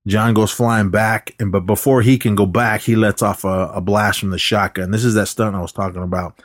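A man's voice: fairly low pitch, steady tone, fairly quick, no room sound, clean studio sound. A man co-hosting a podcast, loosely retelling a movie scene with lots of "uh" and acted-out quotes. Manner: rambling retelling with filler words and quoted lines. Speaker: podcast co-host. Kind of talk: casual film recap.

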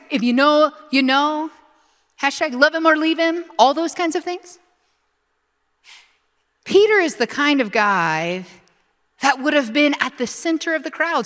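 A woman's voice: high voice, a bit bright, big-room sound. A woman pastor giving a sermon. She preaches with energy and draws the congregation into call-and-response.

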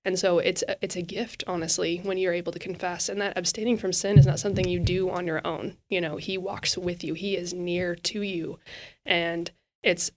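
Female podcast co-host, slightly low and even delivery, reflective and direct. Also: vocal fry. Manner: reflective, steady, speaks to the listener directly. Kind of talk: casual faith discussion.

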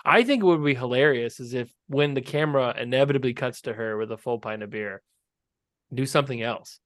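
A man co-hosting a casual podcast, trading sarcastic jokes and breaking into laughter often. His mid-pitched voice sits close and dry on the mic, with no room sound around it. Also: fairly quick, no room sound. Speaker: podcast co-host. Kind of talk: casual chat.

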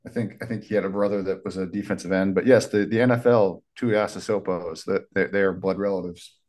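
A man's voice: low voice, fairly even intonation, fairly quick, a little mellow. A man co-hosting a podcast, chatting casually and animatedly about a movie. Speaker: podcast co-host.

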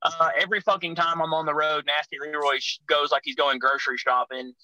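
A man's voice: a little high, level tone, fairly quick, pushed and bright, dry recording, rough recording. A man telling rowdy, profane road stories as a guest on a casual podcast. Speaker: guest, pro wrestler.

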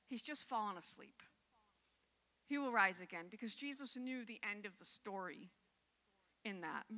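A woman's voice: mid-range voice, bright, forceful tone, in a large hall. A woman pastor giving a sermon, reading scripture aloud and then reflecting on it in a conversational way.

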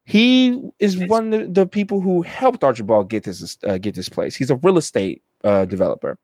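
A man's voice: fairly high pitch, expressive, normal speed, darkish tone, dry recording, clean studio sound. A young man narrating a tabletop game as game master, laughing through his storytelling.

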